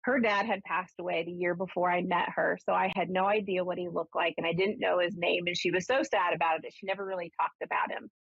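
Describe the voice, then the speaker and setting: A woman from Ohio, a spiritualist minister and psychic medium, telling a story and giving readings on a call-in show in a chatty, animated way with many fillers. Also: fairly low pitch, fast, creaky, hardly any pauses, slightly rough, no echo, dull audio.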